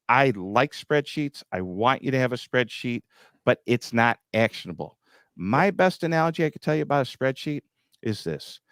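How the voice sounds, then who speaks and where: Man, middle-aged, blunt market commentary, low voice, dry room. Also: dry recording. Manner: blunt, lively, teasing. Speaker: grain market show host.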